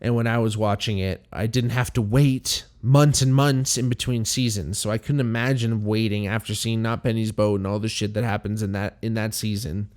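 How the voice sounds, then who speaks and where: A man's voice: on the low side, fairly even intonation, moderate pace, few pauses, darkish tone. A man hosting a podcast, recapping a TV show in loose, profanity-laden casual chat full of fillers. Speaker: podcast host.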